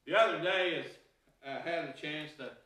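High, bright-voiced pastor in an echoing church. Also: male voice, normal speed. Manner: folksy storytelling with homespun anecdotes. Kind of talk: sermon. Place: church sanctuary. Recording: very echoey room, voice heard from a distance.

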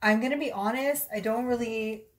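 A young woman with a slightly high voice talks at a normal speed while doing a casual tarot reading at home. She giggles a lot, chats freely, and often interrupts herself.

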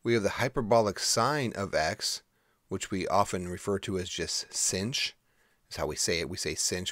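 A man's voice: low voice, a bit bright, no echo, studio quality. A man teaching a recorded math lesson, explaining in a casual, conversational way.

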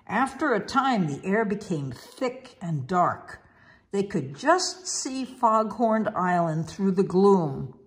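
Slow expressive woman reading a storybook. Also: medium pitch. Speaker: narrator.

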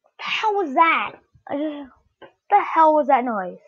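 A woman's voice: sits high, very animated, moderate pace, dull audio. A woman doing casual game commentary while opening card packs, swearing freely and shrieking whenever a good player shows up. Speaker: gaming video creator.

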